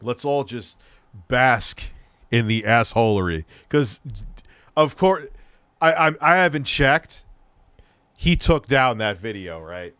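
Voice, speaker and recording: A man's voice: medium pitch, expressive, slow, pauses often, pushed and bright, clear, resonant tone, no room sound. A man hosting a casual reaction stream, profane and mocking. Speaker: host.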